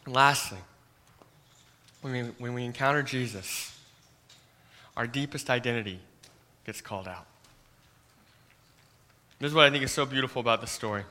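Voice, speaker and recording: A man preaching a sermon in an earnest manner, often dropping to a soft hush and repeating words as he starts phrases. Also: medium pitch, normal speed, long pauses. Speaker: pastor.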